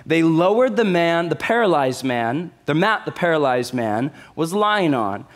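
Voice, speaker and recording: A male pastor delivers a sermon with lively, animated storytelling, often pausing to ask his listeners "right?". His voice sits a little higher than most men's.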